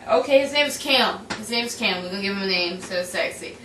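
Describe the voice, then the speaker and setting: A woman's voice: mid-range voice, lively intonation, quick pace, sharp tone. A young woman giving a casual, rambling movie review, giggly and full of fillers and restarts. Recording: echoey room, voice from a distance, faint background noise.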